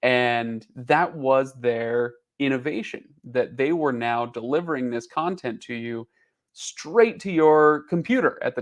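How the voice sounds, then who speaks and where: Male host in his thirties, casual rambling delivery, full of fillers. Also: mid-range voice. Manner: rambling with many fillers and restarts. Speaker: channel host. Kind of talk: casual chat. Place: on the road.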